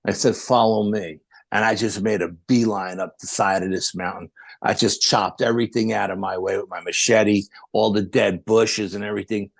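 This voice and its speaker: Low-voiced man telling a rambling story. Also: moderate pace, gravelly, dry recording. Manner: rambling, animated retelling with quoted dialogue. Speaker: podcast guest. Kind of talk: casual storytelling.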